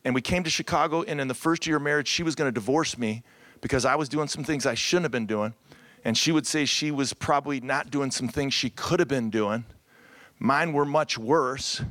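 Speaking fairly quickly in a medium-pitched voice, a middle-aged Cleveland, Ohio pastor addresses ministry couples at a conference, set in a room with round tables. His talk is lively and jokey, full of call-outs to the audience and repeated words, and the recording is dry.

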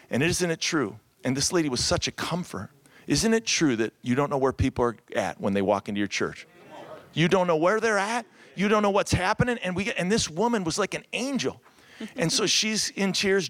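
A middle-aged pastor from Cleveland, Ohio, with a fairly high-pitched voice, gives a lively, joking conference talk to ministry couples. He calls out to the audience and often repeats himself, in a conference room with round tables, and the recording has no echo.

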